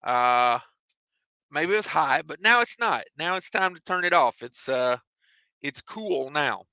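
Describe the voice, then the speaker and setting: A man's voice: on the high side, expressive, a little slow, pushed and bright, dry recording, dull audio. A man, a trucker chatting on his live stream from his truck cab and reading out viewer comments with jokes. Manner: drawling, joking, self-mocking.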